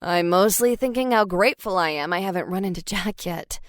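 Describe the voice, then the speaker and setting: Woman reading a weary young friend, low and muted, in an audiobook. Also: a little fast, no room sound, studio quality, close to an everyday voice.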